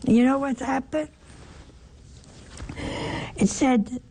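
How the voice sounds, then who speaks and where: Older lady preaching, slow and emphatic, dark mellow voice, lots of rhetorical questions. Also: medium pitch, vocal fry. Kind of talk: sermon.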